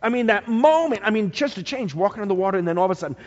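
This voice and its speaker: A man preaching a sermon, slow and dramatic, swinging from loud to hushed. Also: sits high, expressive. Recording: dull lo-fi sound with long hall reverb.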